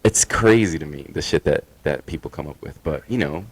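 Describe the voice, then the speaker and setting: A man co-hosting a podcast in casual chat, laid-back, swearing often and laughing, high from smoking. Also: animated, brisk, husky, no room sound, rough recording. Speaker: podcast co-host.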